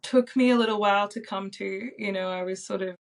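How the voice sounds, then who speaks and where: A woman in her thirties, a podcast guest telling a personal story in a soft, reflective way with frequent ums and likes. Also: medium pitch, steady tone, fairly quick, creaky. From Australia.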